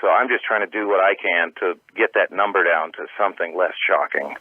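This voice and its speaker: A man's voice: low-pitched, a little fast, slightly rough, no echo. A male comedian calling in by phone, slightly out of breath, speaking earnestly and from the heart. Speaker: comedian guest. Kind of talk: phone interview. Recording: tinny phone line.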